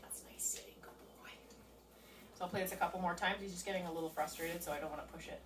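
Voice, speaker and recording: A woman's voice: fairly low pitch, steady tone, rapid-fire, a little hiss or hum. A woman dog trainer casually explaining a training session step by step while she works at home. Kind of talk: casual hands-on training demonstration. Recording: roomy, distant sound with faint ambience.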